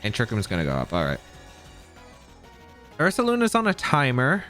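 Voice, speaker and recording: A man narrates his competitive match as it happens, weighing each move aloud and doubting his choices. His voice is bright and lively, swinging up and down in pitch. Faint music plays underneath. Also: moderate pace. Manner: thinks aloud, second-guessing plays. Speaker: competitive game player. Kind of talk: live gameplay commentary.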